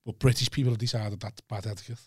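A man chatting on a podcast, telling animated stories, laughing often and acting out the people in them. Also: medium pitch, quick pace, husky, no room sound, clean studio sound. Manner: animated storyteller who laughs often and acts out the voices of people in his stories. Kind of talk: casual chat.

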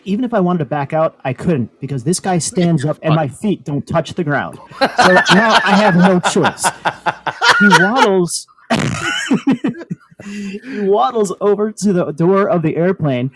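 A man's voice: fairly high pitch, slight background noise. A man on a casual talk show, telling a long rambling story full of fillers and laughs. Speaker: podcast co-host.

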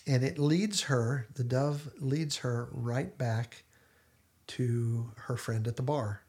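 A man's voice: mid-range voice, slow pace, a little mellow. A man hosting a casual discussion podcast, retelling scenes in detailed storytelling fashion. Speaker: podcast host.

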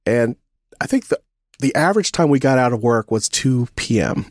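A man hosting a casual podcast chat, telling an army story with lively acted-out quotes and frequent laughs. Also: mid-range voice, normal speed, no echo, clean studio sound. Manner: animated storyteller, acts out quotes, laughs often.

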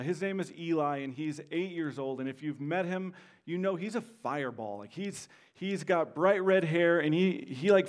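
A man's voice: fairly high pitch, a little mellow. A man in his thirties from Texas preaching a sermon. He speaks informally, tells stories and uses many fillers and restarts. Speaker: visiting preacher.

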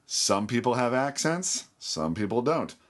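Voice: medium pitch, very animated, a little slow. A co-host of a casual chat about classic films, wry and explanatory. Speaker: podcast co-host.

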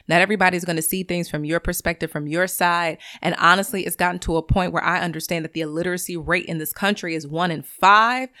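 A woman's voice: fairly low pitch, bright, forceful tone, no room sound, studio quality. A woman who is a teacher and podcast host, talking in a solo monologue in a blunt, profane and emphatic way.

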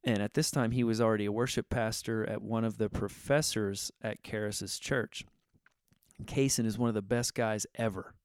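A man's voice: fairly low pitch, steady tone, moderate pace, darkish tone, clear, resonant tone, no echo, clean studio sound. A man who plays guitar in worship music, telling a personal story in a casual, earnest, candid way. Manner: earnest, candid, conversational with fillers.

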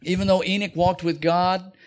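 High-voiced preacher, fired up. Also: male voice, normal speed. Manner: animated, rising to near shouting exhortations. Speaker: pastor. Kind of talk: sermon.

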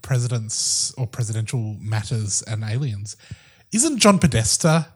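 Australian man, husky voice, sweary, joking podcast co-host. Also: fairly low pitch, sing-song, unhurried. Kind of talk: casual conspiracy chat.

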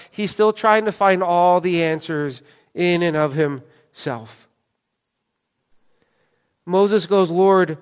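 Guy preaching, high voice, chatty, keeps asking the crowd stuff, echoey church hall. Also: clear, resonant tone. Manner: conversational, asks the congregation questions. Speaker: pastor. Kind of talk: sermon. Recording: long reverb of a church hall.

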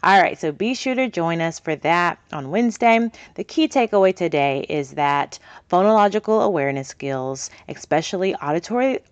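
Chatty woman, low voice, dry sound. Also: expressive, moderate pace, few pauses, no room sound. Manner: chatty, upbeat, asks "okay?" often. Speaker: podcast host teaching parents early reading. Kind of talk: casual teaching talk to parents. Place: small home studio in a closet.

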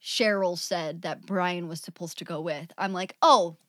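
A woman's voice: on the low side, fairly even intonation, moderate pace, no echo, clean studio sound. A woman co-hosting a podcast in casual, chatty conversation. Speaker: podcast co-host. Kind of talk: casual chat.

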